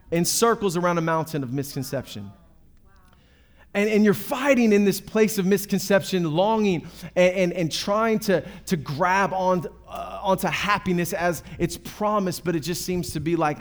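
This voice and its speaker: A pastor preaching a sermon in a fairly high male voice. He speaks emphatically, repeating key words and calling out questions to the congregation between points. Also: expressive, moderate pace.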